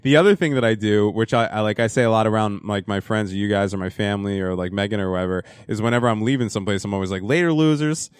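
A man's voice: lowish voice, fairly even intonation, racing, few pauses, clean tone, dry recording, clean studio sound. A man in his thirties hosting a podcast, chatting in a rambling, profane way. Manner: rambling and profane, with frequent laughs. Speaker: podcast host. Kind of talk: casual chat.

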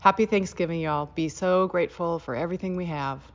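A middle-aged woman, telling a holiday story in a casual, animated way. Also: a little fast, vocal fry. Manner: animated, laughing, rising in pitch on quoted lines. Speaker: guest sharing a holiday memory. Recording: dull lo-fi sound.

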